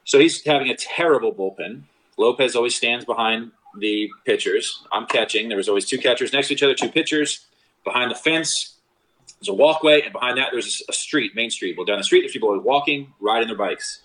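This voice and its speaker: Animated man telling baseball stories. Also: a little fast, poor audio. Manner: animated storyteller, acts out quotes with big pitch jumps. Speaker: former college baseball catcher telling stories. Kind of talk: casual storytelling chat.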